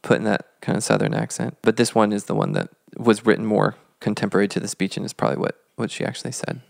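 A man with a flat, even delivery and a gravelly rasp muses through a casual history discussion, circling his points with restarts and filler words. The sound is close and dry, with no room around it. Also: on the low side, fast, no echo. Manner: thoughtful, rambling, many restarts and "like"s. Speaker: podcast co-host.

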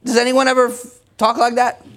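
A man's voice: very high-pitched, little pitch movement, fairly quick, fairly bright tone. A middle-aged male pastor preaching an emphatic, conversational sermon with self-deprecating humor.

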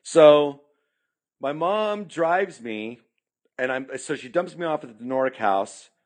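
A man's voice: a little high, lively intonation, takes it slowly. A man from California telling a long story as a podcast guest, full of "you know" fillers and acted-out quotes. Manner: acts out quoted dialogue. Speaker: podcast guest, punk musician. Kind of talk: casual storytelling. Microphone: podcast studio mic.

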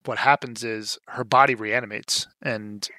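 A young man with a bright, forward voice chats casually as a podcast co-host, walking through a movie's plot. He tosses in dry, sarcastic asides and keeps filling gaps with "um" and "like". His voice sits close and dry, with no room around it. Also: on the low side, steady tone, a little slow, no echo. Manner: wry, sarcastic asides with frequent fillers. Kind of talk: casual movie recap chat.

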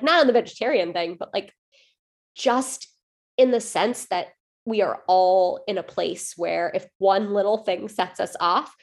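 A woman co-hosting a podcast, telling a story in loose, animated chat. She leans on fillers and restarts as she talks. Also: medium pitch. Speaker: podcast co-host. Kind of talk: casual chat.

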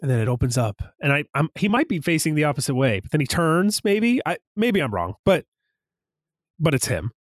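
A young man casually recapping a movie on a podcast, animated and acting out quoted lines. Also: a little high, moderate pace, no echo, clean studio sound. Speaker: podcast co-host.

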